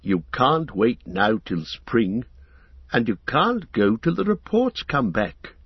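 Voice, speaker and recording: A man's voice: medium pitch, big pitch swings, takes it slowly, slightly rough, dry recording, muffled recording, exaggerated voice. A man voicing an elderly male hobbit who talks in a chatty, fussing way.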